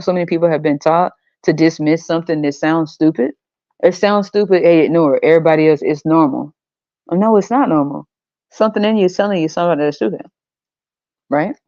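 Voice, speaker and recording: A woman's voice: low-pitched, dark tone, no echo, highs cut off. A woman hosting a podcast, ranting in a blunt, profane, mocking way and acting out other people's voices. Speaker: podcast host. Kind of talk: casual ranting monologue.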